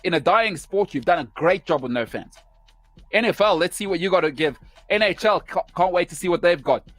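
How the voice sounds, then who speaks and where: A male sports host in full opinionated rant, firing off punchy, emphatic short lines. His voice sits a little high for a man and comes across close and dry, with faint music playing underneath. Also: animated, brisk, dry recording.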